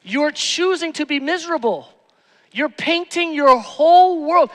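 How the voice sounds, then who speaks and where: A man's voice: very high-pitched, animated, unhurried, fairly bright tone, big-room sound. A man preaching a sermon as pastor, emphatic, repeating phrases and asking rhetorical questions. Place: church sanctuary.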